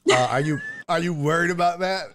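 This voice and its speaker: A man's voice: on the high side, steady tone, fairly quick, very noisy. A man hosting a casual chat show, a stand-up comic who laughs often and swears freely. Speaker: host; stand-up comedian.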